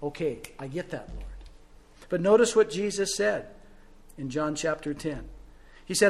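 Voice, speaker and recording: A male pastor preaching a sermon, telling stories and asking rhetorical questions, swinging between loud and soft. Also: on the high side, measured pace, long pauses.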